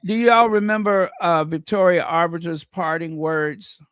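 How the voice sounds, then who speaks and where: A man co-hosting a casual gossip chat, animated and mocking, breaking into impressions. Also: fairly high pitch, measured pace, clean tone, dry recording, studio quality. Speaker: co-host.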